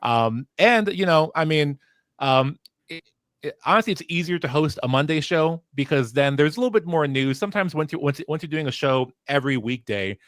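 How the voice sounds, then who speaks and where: A man's voice: a little high, animated, normal speed, a bit bright, no room sound, studio quality. A man filling in as host of a casual livestream talk show, rambling with lots of fillers and restarts, on a headset mic at home. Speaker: fill-in host.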